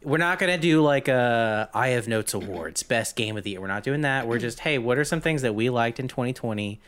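A man's voice: mid-range voice, animated, brisk. A man hosting a podcast in casual chat over a video call, joking and rambling with self-mocking asides. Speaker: podcast host. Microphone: video call mic. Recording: loud background noise.

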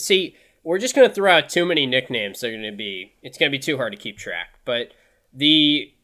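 A man's voice: medium pitch, pushed and bright. A man hosting a casual sports podcast, talking in an upbeat, conversational way and thinking aloud with restarts. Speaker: podcast host.

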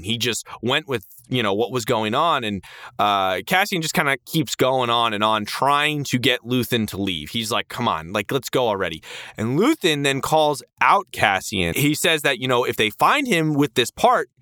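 In studio-quality audio with no echo, a medium-pitched man co-hosts a podcast. He chats casually through a TV episode recap, animated and performing the characters' lines along the way.

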